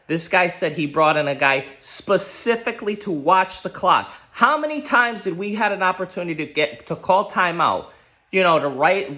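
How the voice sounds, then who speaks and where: A man ranting about his football team, heated and profane, exasperated, shouting at times. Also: a little high. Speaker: sports fan ranting on his channel. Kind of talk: angry solo sports rant.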